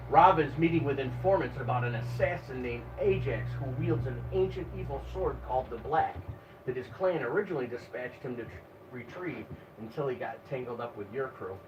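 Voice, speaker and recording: Guy running a tabletop game, wry and chatty, tinny far off recording. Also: fairly high pitch. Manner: wry, conversational, laughs often. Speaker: game master. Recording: echoey, far from mic, phone-like, noisy.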